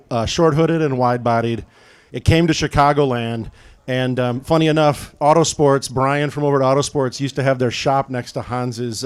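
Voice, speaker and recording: A man's voice: mid-range voice, clean tone. A man from the American Midwest giving a casual storytelling talk at a car event, conversational with frequent "um" fillers. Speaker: guest speaker at a car event.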